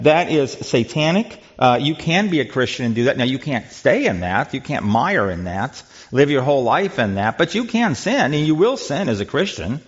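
A man's voice: a little high, sing-song, moderate pace, hardly any pauses, highs cut off. A man leading a church Bible study in a conversational way, quizzing the group and often repeating words.

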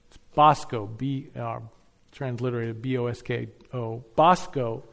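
A man preaching an expository sermon, teaching earnestly, repeating key phrases for emphasis and reading scripture slowly and deliberately. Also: medium pitch, steady tone, gravelly, a bit bright. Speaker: pastor.

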